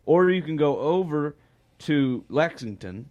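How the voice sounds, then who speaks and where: A man's voice: a little high, unhurried, lo-fi sound. A young man co-hosting a radio show, bantering casually and teasing his co-hosts. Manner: teasing, animated, jokey.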